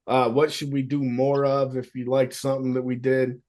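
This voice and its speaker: A man's voice: mid-range voice, monotone, moderate pace, darkish tone. A man co-hosting a podcast over a video call, joking crudely and bantering. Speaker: podcast co-host. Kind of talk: casual chat.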